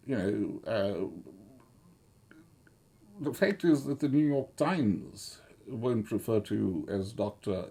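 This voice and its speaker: A middle-aged man giving rambling, sardonic commentary, halting often with fillers and restarts. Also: medium pitch, gravelly, dark tone, slightly rough.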